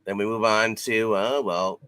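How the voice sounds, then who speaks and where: Low-voiced man rambling through a review. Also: fairly even intonation, measured pace, fairly bright tone, clean tone. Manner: rambling, many fillers and restarts. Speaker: co-host reviewing a TV episode. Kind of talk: casual review chat.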